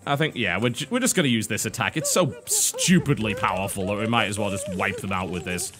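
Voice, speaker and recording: A man's voice: on the low side, very animated, fairly quick, over music. Dry, sardonic British man reviewing games. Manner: dry, sardonic, self-mocking. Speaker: game reviewer. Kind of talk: game review commentary over gameplay.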